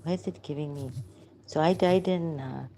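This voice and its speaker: A woman talking to herself in a halting, searching monologue, pausing and restarting often and turning emotional at times. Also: low voice, dark tone, slight background noise, low-quality recording. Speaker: vlogger. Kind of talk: hesitant reflective monologue.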